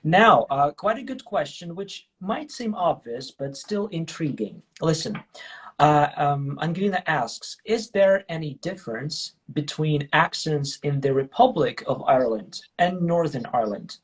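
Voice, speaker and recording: Husky-voiced man hosting an interview. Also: a little high, expressive, unhurried. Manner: chatty, many fillers and restarts. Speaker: host. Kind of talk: casual interview.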